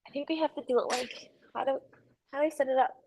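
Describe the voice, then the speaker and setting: A woman's voice: high-pitched, steady tone, fast talker, gravelly, a little mellow, lo-fi sound, slight background noise. A woman hosting a casual livestream from a studio, chatting and teasing with viewers and crew, often laughing. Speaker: livestream host. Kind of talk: casual chat with live viewers.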